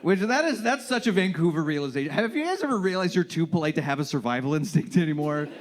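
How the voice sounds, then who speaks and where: Fairly high-voiced comic telling bus stories. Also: male voice, expressive, quick pace. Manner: storytelling, self-deprecating, acts out shouting characters. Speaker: stand-up comedian. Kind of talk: stand-up set. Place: comedy club stage with laughing audience.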